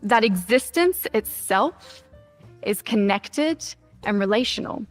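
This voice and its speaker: A woman giving a scripted public talk in a measured, earnest delivery. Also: mid-range voice, lively intonation, faint music behind. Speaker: speaker at a conference talk.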